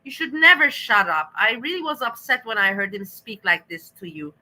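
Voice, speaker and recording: A woman in a casual chat scolds someone with pointed, repeated rhetorical questions. Her voice is slightly high and very bright, with a sharp edge. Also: big pitch swings, moderate pace, poor audio.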